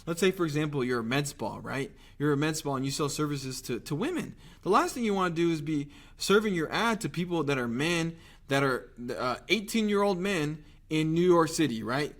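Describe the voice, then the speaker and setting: A young man talking straight to the viewer in a lively, conversational sales pitch, tossing out rhetorical questions. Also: moderate pace. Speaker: marketing agency owner pitching local businesses. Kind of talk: direct-to-camera sales pitch.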